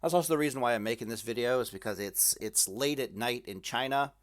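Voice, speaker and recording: A man's voice: medium pitch, fast talker. A man casually rambling in a vlog from his room at night, full of fillers and dry self-mocking jokes. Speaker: gaming video creator.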